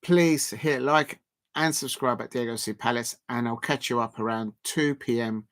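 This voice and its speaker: A man's voice: mid-range voice, moderate pace, a bit bright. A man chats casually on a livestream as its host. He teases, laughs often and repeats his lines for effect. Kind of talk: casual live-stream chat.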